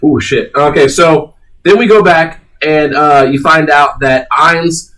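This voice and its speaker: A man's voice: a little high, a little slow, sharp tone, poor audio. A man co-hosting a casual podcast, swearing freely and retelling scenes by acting out the characters' lines. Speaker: podcast co-host. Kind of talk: casual chat.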